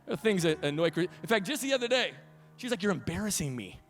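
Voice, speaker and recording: A man's voice: high-pitched, fast, faint music behind. Man preaching with a carrying voice. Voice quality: voice that carries. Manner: storytelling with laughs, animated quotes. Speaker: pastor. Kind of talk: sermon. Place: church sanctuary.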